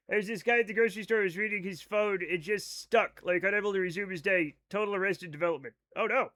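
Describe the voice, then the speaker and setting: A man's voice: high voice, fast, hardly any pauses, pushed and bright. A man with a Rhode Island accent, chatting casually on a live game stream, rambling as he reads chat aloud and riffs on it.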